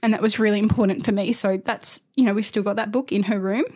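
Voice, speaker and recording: A woman's voice: medium pitch, steady tone, fast, a little mellow, slightly rough, dry recording, clean studio sound. A woman in her thirties, an interview guest telling her own story openly and from the heart, rambling with restarts. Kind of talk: candid personal storytelling.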